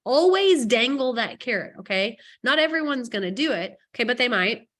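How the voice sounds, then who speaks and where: A woman real estate coach giving a casual training presentation, chatty and joking as she rushes through her points. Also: on the high side, expressive, fairly bright tone.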